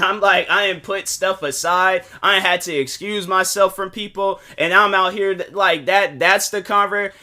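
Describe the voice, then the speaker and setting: Bright-voiced rambling podcast man. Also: high-pitched, steady tone, moderate pace, few pauses. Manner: rambling, full of restarts and quoted dialogue. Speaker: podcast host. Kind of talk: casual solo monologue.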